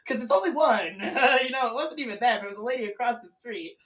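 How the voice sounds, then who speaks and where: A man's voice: high-pitched, animated, fast talker, few pauses, a bit bright, distant mic, rough recording. A man speaking as a guest on a live stream, telling his story in a candid, rambling way with plenty of swearing.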